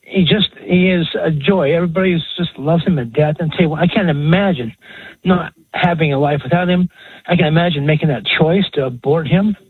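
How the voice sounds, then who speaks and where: Older male caller, emotional and halting, slightly high husky voice, phone line. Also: dry recording. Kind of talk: call-in radio talk. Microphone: telephone.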